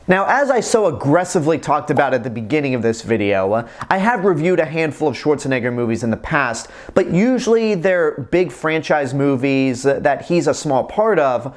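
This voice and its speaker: A man hosting a film review channel, talking casually and enthusiastically. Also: medium pitch. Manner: enthusiastic, chatty. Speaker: movie reviewer, channel host.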